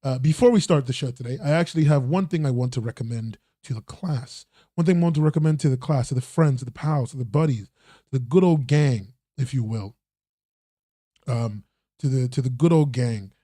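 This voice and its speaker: Brief: male podcast host, loose rambling livestream delivery, mellow tone, dry close sound. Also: mid-range voice, moderate pace, no room sound. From not American. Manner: rambling, self-interrupting, swears casually. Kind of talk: casual livestream news roundup.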